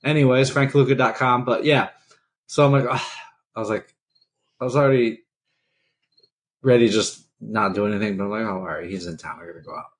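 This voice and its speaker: A man's voice: lowish voice, fairly even intonation, fairly quick, pauses often. A man co-hosting a casual podcast, telling a story from his weekend in an easygoing, joking way and laughing at himself. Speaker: podcast co-host.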